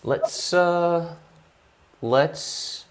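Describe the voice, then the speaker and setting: Very low-voiced joking woman. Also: drawn-out words. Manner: jokey, nervous about the tech. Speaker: livestream co-host. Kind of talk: casual live-stream banter.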